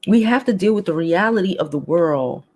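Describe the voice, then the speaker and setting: A woman's voice: on the low side, lively intonation, moderate pace, a little mellow. Blunt chatty woman on a livestream. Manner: chatty, blunt, laughs often, swears freely. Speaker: host. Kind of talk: casual livestream chat.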